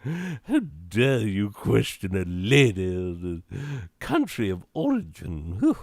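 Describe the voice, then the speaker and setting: A man's voice: lowish voice, huge pitch swings, slow pace, dry recording, clean studio sound, exaggerated voice. A man voicing a snooty, prudish old-fashioned lady who lectures about proper manners in a haughty, affected accent. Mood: indignant. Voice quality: haughty, affected upper-class lilt. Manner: scolding and prudish, lecturing the listener. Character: snooty prim old-fashioned lady giving etiquette tips.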